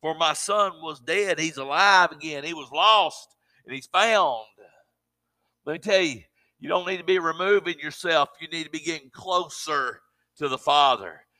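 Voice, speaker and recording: A man's voice: on the high side, normal speed, no room sound. A middle-aged man preaching a sermon, stammering into repeated words and calling out amen to his congregation. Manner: repeats words in bursts, rising to loud exclamations.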